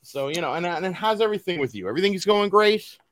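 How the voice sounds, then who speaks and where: A man's voice: sits high, animated, fast, fairly bright tone. A man with a Boston accent hosting a casual podcast, rambling through fillers and restarted sentences. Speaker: podcast host.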